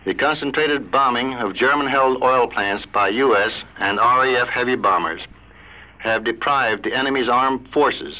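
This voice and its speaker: A male air force commander delivers a prepared statement in a formal, deliberately paced and somewhat stiff manner, at an ordinary middle pitch. The broadcast has a muffled, lo-fi quality typical of a 1940s radio relay.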